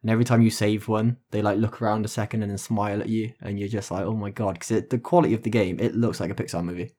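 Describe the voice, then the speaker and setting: A man chatting casually on a gaming podcast, his voice sitting fairly low. He talks with enthusiasm and rambles as he explains things. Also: steady tone, fast, warm tone. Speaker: podcast co-host.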